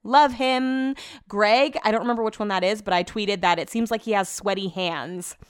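A woman's voice: mid-range voice, fairly even intonation, normal speed, smooth, no room sound, clean studio sound. A young adult woman hosting a podcast, chatting casually and giving opinionated, sarcastic reactions. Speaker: podcast host. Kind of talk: casual chat recap.

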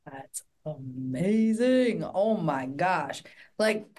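A woman's voice: fairly low pitch, animated, extremely slow, darkish tone, slightly rough. A woman hosting a podcast interview, reacting in a gushing, enthusiastic way and asking questions. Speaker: podcast host. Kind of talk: casual interview talk.

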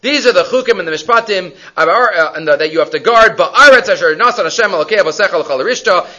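Animated man teaching Torah, high bright voice, emphatic delivery. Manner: animated, emphatic, mixes Hebrew and English. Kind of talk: Torah class on the weekly portion.

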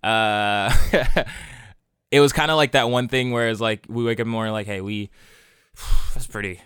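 A young man, low in pitch, tells a long story in loose, rambling casual chat and laughs along the way. His voice is smooth and clear, recorded dry and close with no room sound. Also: fairly even intonation, moderate pace, a bit bright, dry recording.

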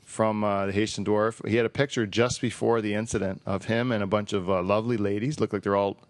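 A man's voice: on the low side, steady tone, quick pace, no room sound. A man hosting a podcast in a casual, jokey and rambling way, reading listener feedback aloud. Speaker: podcast host.

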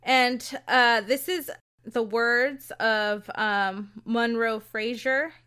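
A woman's voice: on the high side, fairly even intonation, extremely slow, bright, forceful tone, clean tone. Chatty woman with a Californian accent. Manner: laughs often, swears casually, reads quotes aloud. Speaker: podcast co-host. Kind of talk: casual storytelling chat.

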